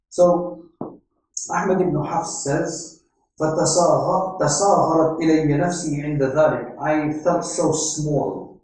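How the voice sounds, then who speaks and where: A man lectures on faith, weaving in stories and Arabic quotations and asking "right?" along the way. His voice sits a little high and sounds dark and mellow. He stands well back from the microphone in a strongly reverberant hall. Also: fairly even intonation, a little slow. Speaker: Islamic scholar lecturing. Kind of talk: religious lecture. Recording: echoey hall, speaker far from mic.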